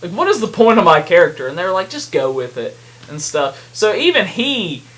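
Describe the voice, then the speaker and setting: Brisk, very animated and a bit bright, this high-pitched male co-host chats about a film on a podcast. His talk rambles, peppered with fillers and laughs.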